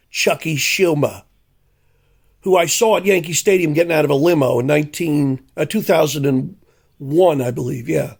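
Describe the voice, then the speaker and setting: Ranting older man, slightly high voice. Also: moderate pace, vocal fry, slightly rough. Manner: blunt, sarcastic, profane. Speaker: commentator. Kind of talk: ranting monologue.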